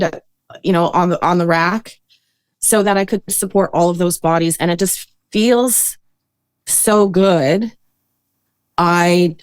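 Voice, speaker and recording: A woman's voice: medium pitch, clean tone, no echo. Earnest woman, dry close sound. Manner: earnest and reflective, with frequent hesitations. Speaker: boudoir photographer, podcast guest. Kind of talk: casual interview talk.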